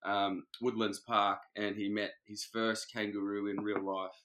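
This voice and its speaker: Bright man, dry joking. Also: on the low side, flat delivery, unhurried, slight background noise. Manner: explaining matter-of-factly, dry jokes. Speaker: podcast co-host. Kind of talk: casual chat.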